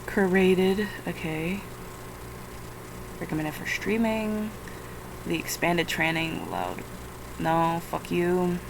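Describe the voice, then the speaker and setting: A woman's voice: on the low side, lively intonation, slow, gravelly, pauses often. Woman vlogger, screen-recording commentary, rambling, swears a lot, tired, faint background noise. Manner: rambling, swears a lot, flares into frustrated outbursts.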